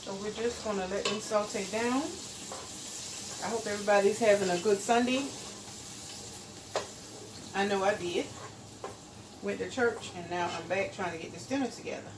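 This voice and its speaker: A middle-aged woman, chatting homey and relaxed to viewers as she cooks in her kitchen. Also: mid-range voice, moderate pace, pauses often, background noise. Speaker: cooking channel host. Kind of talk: casual cooking vlog chat. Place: home kitchen.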